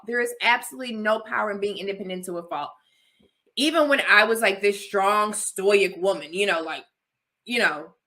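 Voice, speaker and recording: A woman's voice: mid-range voice, pushed and bright. A young adult woman, a host and life coach, talking straight to her viewers in an emphatic, repetitive, personal and preachy way. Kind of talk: direct-to-camera talk to viewers.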